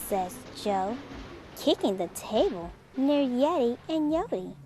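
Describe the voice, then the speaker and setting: A woman reading a children's picture book aloud in an expressive, slow storytelling manner. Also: a little high, very noisy. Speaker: storybook reader.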